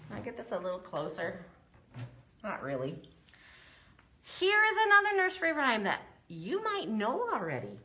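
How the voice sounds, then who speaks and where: A woman leading a preschool story time, reciting nursery rhymes slowly and encouragingly in a sing-song way. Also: a little high, pushed and bright. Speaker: children's librarian.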